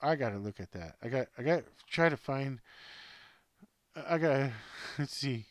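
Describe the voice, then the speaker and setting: A man's voice: mid-range voice, lively intonation, normal speed, no room sound. A man hosting a home-made sports news show, rambling off script at his laptop, chatting to himself and his plush toys. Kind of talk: casual off-script commentary.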